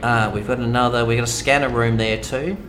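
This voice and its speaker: Australian male streamer, mid-pitched, chatty and rambling, steady noise behind. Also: brisk. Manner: chatty, rambling, talks to viewers while playing. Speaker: game streamer. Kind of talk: casual live-stream chat.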